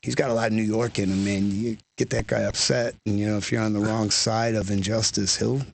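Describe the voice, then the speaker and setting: Gravelly, husky-voiced man telling stories. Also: on the low side, flat delivery, fairly quick. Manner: rambling, peppered with "you know" and "like". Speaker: guest musician, lead singer. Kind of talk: casual conversational storytelling.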